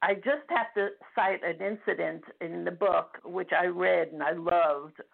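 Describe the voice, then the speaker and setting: An older woman calling in to a radio show, speaking emotionally with halting restarts, heard over the phone. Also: on the low side, vocal fry. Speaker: caller. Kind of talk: phone-in call. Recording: tinny phone line.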